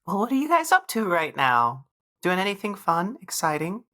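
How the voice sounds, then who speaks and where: Bright-toned low woman asking questions. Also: very animated, moderate pace. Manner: inquisitive, asks follow-up questions. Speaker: podcast co-host. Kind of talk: casual podcast chat.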